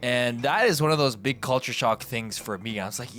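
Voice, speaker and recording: A young man hosting a podcast, telling stories in a casual, animated way and acting out what other people said. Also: mid-range voice, normal speed, faint music behind. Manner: animated, acts out voices in quotes. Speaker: podcast host. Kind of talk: casual storytelling.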